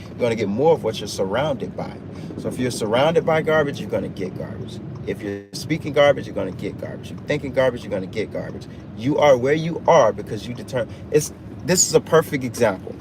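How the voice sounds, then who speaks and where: A man's voice: medium pitch, lively intonation, fast talker. Man preaching motivation from a truck. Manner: emphatic, repetitive preaching cadence. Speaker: motivational livestreamer. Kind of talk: off-the-cuff motivational talk. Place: inside a truck. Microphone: phone livestream. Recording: noisy vehicle cabin sound.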